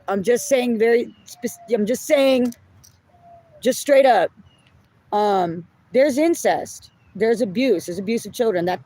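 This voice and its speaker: A woman's voice: medium pitch, dark tone. A woman giving a collective tarot reading in casual talk, blunt and often apologizing, swearing when she gets upset. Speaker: tarot reader.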